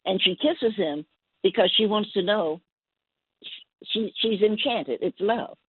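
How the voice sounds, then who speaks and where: A woman poet guesting on a call-in show, telling a story in a gentle, rambling way with many restarts. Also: medium pitch, slow, breathy edge, no echo. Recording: tinny phone line.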